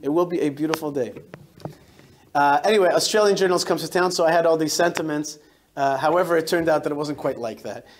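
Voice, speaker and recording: Chatty high-voiced rabbi telling stories. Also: male voice, fast talker, a little hiss or hum. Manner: lively, chatty, many restarts and repeated words. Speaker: rabbi giving a talk. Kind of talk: storytelling talk to a congregation. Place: synagogue hall.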